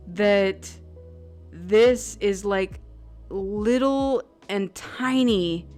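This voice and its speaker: A woman's voice: medium pitch, a little mellow. A woman giving an intuitive tarot reading on her own channel, emotional and effusive, with plenty of "like" fillers. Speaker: tarot reader.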